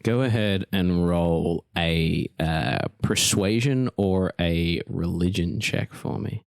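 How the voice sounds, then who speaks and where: Deep-voiced man running a tabletop game. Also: slow pace, vocal fry, dry recording, clean studio sound. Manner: descriptive, easygoing. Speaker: game master.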